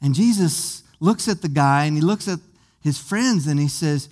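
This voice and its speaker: A man's voice: on the high side, lively intonation, moderate pace, darkish tone. A man preaching a sermon, vividly retelling a scripture story with many questions to his listeners and often repeating small words as he goes.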